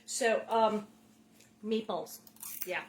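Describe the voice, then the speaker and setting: A woman's voice: medium pitch, drawn-out words, a little hiss or hum. A middle-aged woman hosting a casual cooking show from her home kitchen, chatty and playful, with rambling asides and silly food noises.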